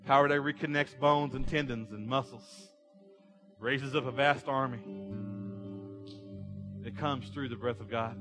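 A man's voice: medium pitch, steady tone, a little slow, pauses often, music in the background. A man preaching a sermon to a congregation, building energy with rhetorical questions. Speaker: pastor. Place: church sanctuary.

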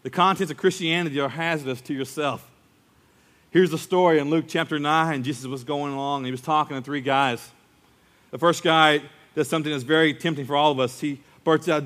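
Animated male preacher, higher voice. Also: a little fast. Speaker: pastor. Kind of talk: sermon.

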